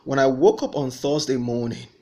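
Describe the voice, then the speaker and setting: A man's voice: mid-range voice, moderate pace, a little mellow. A man giving an earnest personal faith testimony, telling his story and voicing remembered dialogue.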